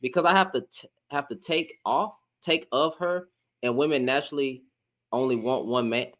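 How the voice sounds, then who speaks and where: A man co-hosting a heated casual debate, loud and mocking, who laughs often. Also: medium pitch, normal speed.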